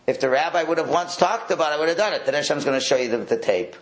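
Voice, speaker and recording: A man, a rabbi, teaching a Torah class in a wry, animated way, sprinkling in Hebrew and Yiddish words. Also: on the high side, racing, a little hiss or hum.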